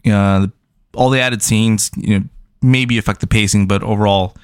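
Low smooth voice, casual profane man, podcast co-host, dry close mic. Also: fairly even intonation, moderate pace, no room sound. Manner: loose, profane, joking. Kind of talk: casual movie review chat.

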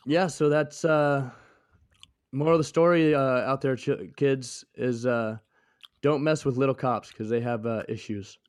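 A man talks in a relaxed, rambling way during casual conversation, often trailing into filler words as he tells it. His voice has an ordinary middle pitch. The sound is close and dry. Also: a little slow, no echo. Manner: laid-back, rambling, drifts into filler words.

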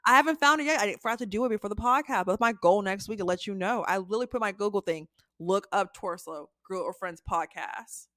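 A woman co-hosting a podcast in a casual chat, animated and chatty, swearing freely. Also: medium pitch, rapid-fire, few pauses, dry recording, studio quality. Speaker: podcast co-host.

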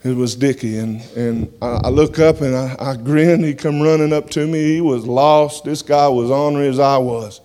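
A man's voice: mid-range voice, steady tone, moderate pace, few pauses, mellow. A man giving his testimony to a congregation in a plain-spoken, folksy way, often repeating words as he goes.

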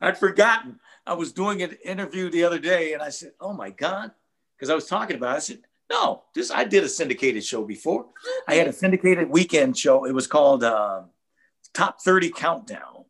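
Man, older, radio host, husky, fairly high voice, lively pitch, earnest, casual chat. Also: brisk. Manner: earnest and reflective, repeats words as he thinks.

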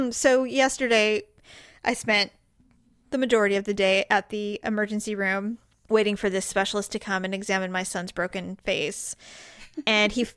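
Animated storytelling woman, dry close mic. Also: mid-range voice, moderate pace, smooth, no echo. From Mexican heritage. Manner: animated, self-mocking storyteller. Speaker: podcast co-host. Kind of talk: casual chat, storytelling.

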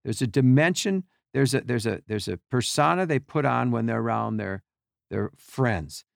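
A middle-aged man, a podcast guest, telling animated behind-the-scenes stories and acting out quotes and sounds. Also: mid-range voice, moderate pace, gravelly, no echo, studio quality. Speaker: podcast guest, team equipment worker. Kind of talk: casual storytelling.

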